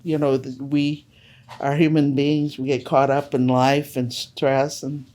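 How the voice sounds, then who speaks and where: Older woman guest, mellow warm voice, earnest measured storyteller. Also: a bass voice, level tone. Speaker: holistic health practitioner guest. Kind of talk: casual interview talk.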